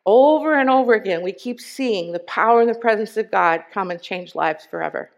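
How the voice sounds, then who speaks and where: A woman speaking at a church service, reading a member's testimony aloud in an earnest, deliberate way with emphatic pauses. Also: mid-range voice.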